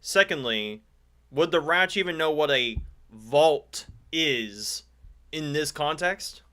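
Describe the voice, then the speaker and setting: A man's voice: on the high side, expressive, slow, noisy background. A man giving sarcastic, incredulous commentary over a game and swearing often.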